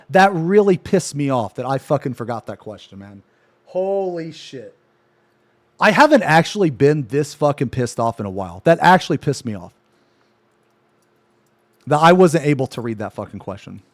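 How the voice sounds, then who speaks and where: A man streaming live, ranting at his chat in a heated, frustrated voice, swearing at nearly every turn. His fairly high pitch swings widely as he repeats himself for emphasis. The sound is close and dry, recorded at a desk mic. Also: sing-song, moderate pace, pauses often, no echo. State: annoyed. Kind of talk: angry rant to live chat.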